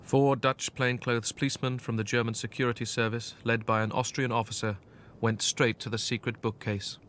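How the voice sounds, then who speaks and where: A man giving scripted documentary narration in a measured, grave delivery. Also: mid-range voice, little pitch movement, fairly bright tone, slight background noise.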